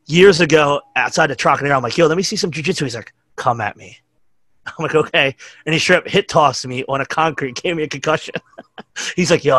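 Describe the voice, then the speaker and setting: This podcast guest is a middle-aged New Yorker whose medium-pitched voice has a slightly bright quality and no room sound. He chats casually through profane, meandering anecdotes, performing the quoted lines.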